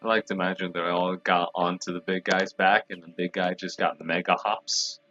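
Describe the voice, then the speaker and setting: A young man with a low, bright voice throws teasing wisecracks while co-streaming a game. His banter is loose and casual. The mic sounds dull and lo-fi, with faint game music underneath. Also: level tone, normal speed. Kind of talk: casual let's-play commentary.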